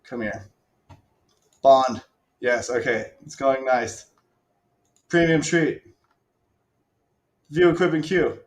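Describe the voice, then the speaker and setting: A man's voice: mid-range voice, slow pace, long pauses, reverberant. Chatty man demoing a game live. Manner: chatty, self-mocking, swears casually. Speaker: stream host. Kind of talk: casual live-stream game demo.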